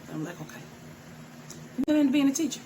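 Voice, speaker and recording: A woman's voice: high voice, big pitch swings, racing. A middle-aged woman who teaches tantra, talking frankly to her viewers and laughing often. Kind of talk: direct-to-camera talk. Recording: noisy background.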